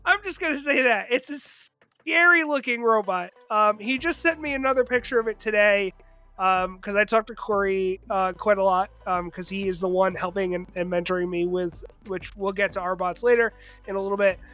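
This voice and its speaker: A woman host talks loosely, circling back and restarting her thoughts. Her pitch sits in the middle range, and faint music runs behind her. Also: normal speed, fairly bright tone, no room sound. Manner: rambling, many fillers and restarts. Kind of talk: casual chat.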